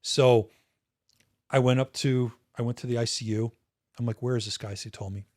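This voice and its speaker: A man's voice: mid-range voice, steady tone, normal speed, darkish tone, dry recording, studio quality. A middle-aged man, a retired state police officer, telling a personal story in a casual, candid podcast interview, swearing now and then and often restarting his sentences. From United States.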